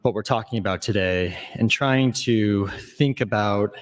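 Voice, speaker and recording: A man state senator giving a reflective floor speech, pausing as he searches for his words. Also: on the low side. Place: legislative chamber.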